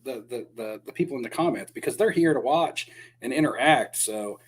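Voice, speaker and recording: A man's voice: mid-range voice, animated, slightly rough. A middle-aged man co-hosting a casual live stream, joking and poking fun at himself. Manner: fast-talking, joking, self-deprecating. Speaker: co-host.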